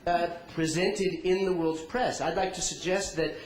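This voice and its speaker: A man's voice: high voice, steady tone, normal speed. A man from the audience laying out an earnest argument and asking the panel for responses. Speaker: audience member. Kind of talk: audience question at a conference. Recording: echoey conference hall.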